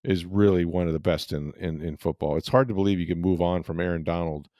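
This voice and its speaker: A man's voice: low voice, steady tone, quick pace, mellow, dry recording, studio quality. A middle-aged man hosting a sports podcast, telling a rambling story in casual chat with lots of fillers.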